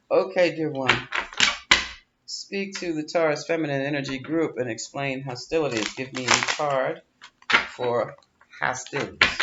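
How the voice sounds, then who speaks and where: This tarot reader has a mid-range voice and talks in a chatty, coaching manner, reassuring the listener, repeating words, and laughing often. The recording is very noisy, with dull lo-fi sound and a faint sense of the room.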